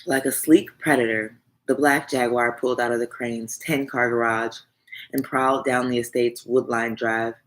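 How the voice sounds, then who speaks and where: A woman narrating a romance novel for an audiobook, in an even, measured reading voice. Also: extremely low pitch, low-quality recording.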